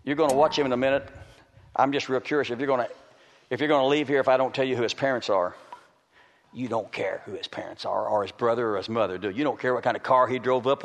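Male preacher, folksy, punchy loud bursts, long hall reverb. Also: medium pitch. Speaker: preacher and dog trainer. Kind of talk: sermon.

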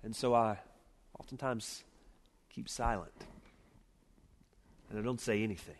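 A middle-aged man with a Southern US accent from Alabama, preaching an earnest, measured sermon that slows and drops quiet on its key points. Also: on the low side, slight background noise. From Mobile, Alabama, US Deep South. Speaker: preacher at a seminary chapel. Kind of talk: sermon with opening prayer. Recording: long reverb of a large chapel.

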